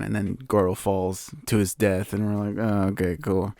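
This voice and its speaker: A young man hosting a podcast, retelling a movie's plot in a loose, excited ramble full of fillers and little laughs. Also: on the low side, normal speed, hardly any pauses. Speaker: podcast host. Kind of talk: casual movie recap.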